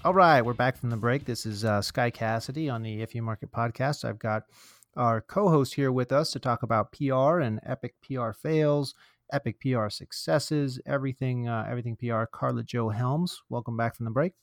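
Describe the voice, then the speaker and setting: A man's voice: medium pitch, normal speed, no room sound, clean studio sound. A man hosting a podcast in a casual, joking, chatty way, with fillers and asides. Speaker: podcast host.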